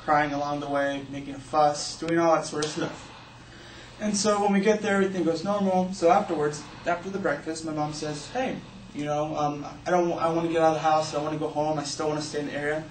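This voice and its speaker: A young man with a slightly high voice tells a personal story to an audience in a loose, rambling way, leaning on "like" and "you know". He sounds some distance from the mic in an echoey room with a faint hiss behind him. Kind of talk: personal story told as a speech.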